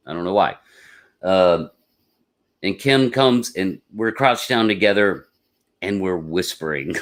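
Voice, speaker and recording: A man hosting a live stream, telling a personal story in a casual, rambling way. He gets excitable and repeats his words. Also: on the low side. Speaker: podcast host.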